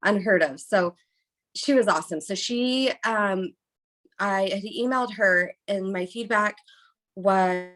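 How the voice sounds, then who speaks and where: A woman's voice: mid-range voice, slow pace, fairly bright tone. A young woman, a bikini competitor, chatting as a podcast guest and rambling through a story with many fillers. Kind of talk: casual interview storytelling.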